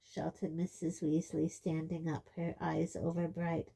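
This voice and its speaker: A woman reading a novel aloud in a slow, steady storytelling manner. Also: low voice, creaky, slightly rough. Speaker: audiobook reader. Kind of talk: audiobook narration.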